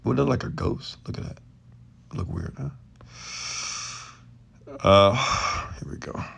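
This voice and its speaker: This stream host, an entrepreneur and mentor, answers questions live late at night from his bed at home. His mid-range voice is slow, creaky, fairly bright and edged with breath, and he rambles loosely and off the cuff, getting passionate and often loud.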